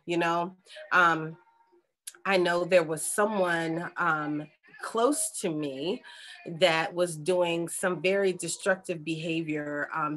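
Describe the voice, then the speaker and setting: Woman host, low-ish voice, relaxed and folksy, does an easygoing oracle card reading for her viewers. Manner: chatty and relaxed, folksy slang. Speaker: host and intuitive healer. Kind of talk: casual spiritual vlog with oracle card reading.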